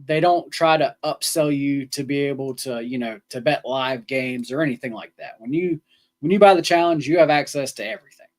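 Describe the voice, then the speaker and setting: A man who co-hosts a sports betting podcast and talks through bets in a loose, rambling way. His voice sits at an average pitch for a man, and he often restarts his sentences. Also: fairly quick. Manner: casual, rambling, many ums and restarts. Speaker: co-host.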